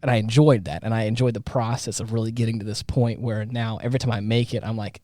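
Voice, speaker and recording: Mellow-voiced man chatting on a podcast. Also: lowish voice, steady tone, fast talker, no echo, studio quality. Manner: rambling, lots of fillers and restarts. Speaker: podcast co-host. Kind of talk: casual chat.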